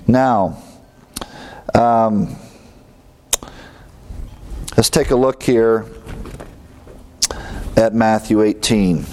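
Low-voiced man preaching a Bible lesson. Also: a little mellow. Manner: reads scripture aloud and comments with rising emphasis. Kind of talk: Bible teaching sermon.

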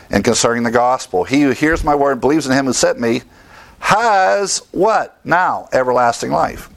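A man's voice: on the high side, low-quality recording. A man teaching from the Bible in a sermon, emphatic, asking his listeners questions and answering them himself.

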